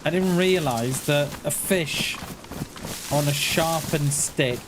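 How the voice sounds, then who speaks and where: A man's voice: on the high side, slow. A man chatting casually while streaming a game, rambling along with frequent chuckles and self-mocking asides. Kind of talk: casual livestream chat while gaming. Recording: noisy background.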